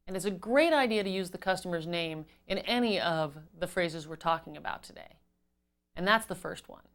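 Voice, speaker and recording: A woman giving an instructional talk on customer service as a trainer, measured and explanatory, stressing key words. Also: lowish voice, lively intonation.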